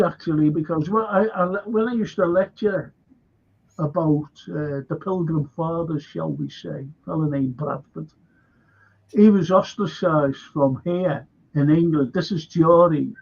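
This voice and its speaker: A local historian with a Liverpool accent tells rambling history anecdotes in a livestream chat, acting out the people in his stories. His voice sits high and sounds husky, and the audio has its highs cut off.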